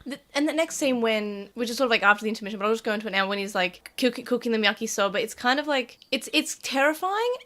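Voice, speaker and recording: A woman co-hosting a fan podcast, talking quickly in casual chat. She jumps in to correct and fill in details of the story, with her words tumbling out fast. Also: fairly high pitch, expressive, fairly bright tone. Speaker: podcast co-host.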